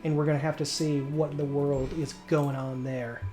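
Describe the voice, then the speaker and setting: A man's voice: a little high, flat delivery, moderate pace, warm tone, soft background music. A man casually commenting on his gameplay in a chatty, rambling way, often correcting himself. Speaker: let's play host.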